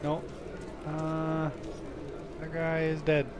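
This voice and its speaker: A man's voice: a little high, completely flat delivery, very slow, background noise. A man casually commenting while he plays a game live, joking and talking to the characters on screen. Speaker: streamer playing a game.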